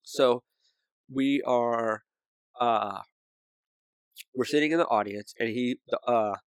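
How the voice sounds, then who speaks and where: A man's voice: medium pitch, takes it slowly, smooth, no room sound. Young man, podcast co-host, casual rambling story, plenty of fillers, dry sound. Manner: rambling, many fillers and restarts.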